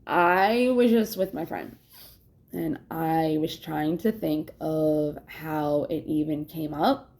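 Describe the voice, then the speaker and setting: A woman's voice: low-pitched, slow, a little mellow. A young adult woman talking candidly in a casual personal vlog, rambling, swearing often and laughing between thoughts. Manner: yawns to catch her breath. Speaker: vlogger.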